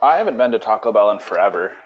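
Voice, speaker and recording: Racing along in a lowish, expressive voice, a young man from California co-hosts a podcast over a lo-fi voice call with faint background noise. He's laid-back and crude, with rambling, loose sentences and lots of stammered restarts.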